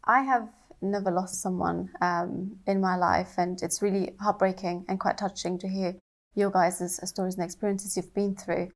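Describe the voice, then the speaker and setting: A young woman on a panel, telling a family story in a steady, detailed way with frequent ums. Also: medium pitch. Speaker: panel guest.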